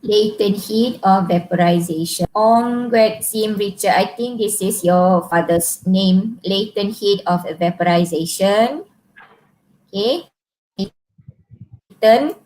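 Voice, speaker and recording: A middle-aged Malaysian woman teaches physics over a live stream, speaking slowly and deliberately. She repeats key points and keeps quizzing her students. A faint hiss sits under her voice. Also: medium pitch, darkish tone, low-quality recording. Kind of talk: online physics class.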